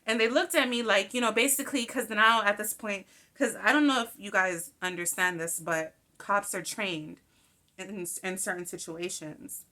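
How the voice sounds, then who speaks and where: A young woman hosting a show, telling a personal story in a candid, animated way and swearing freely. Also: mid-range voice, normal speed. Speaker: podcast host. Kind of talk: casual storytelling monologue.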